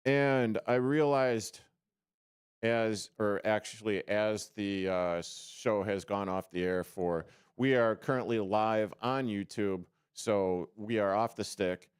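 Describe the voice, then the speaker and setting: Speaking slowly in a fairly low, clean voice with no echo, a man hosts an easygoing sports radio program from a studio mic. He wanders off on tangents, pokes fun at himself, and keeps restarting amid plenty of fillers.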